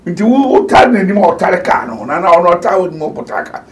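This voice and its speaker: A man's voice: sits high, sing-song, fast. A man hosting a casual chat, telling stories animatedly and mixing Twi and English. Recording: distant mic with faint noise.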